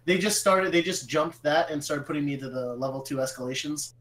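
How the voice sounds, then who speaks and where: A man's voice: a little high, fairly quick, crowd noise, rough recording. A young man co-hosting a podcast, telling long profane stories in casual chat. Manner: profane rambling storyteller. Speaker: podcast co-host.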